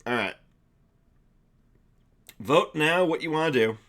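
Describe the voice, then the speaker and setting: A man's voice: fairly high pitch, animated, slow, a bit bright. A young man narrating a tabletop game for a live-stream chat, chatty with frequent fillers and laughs.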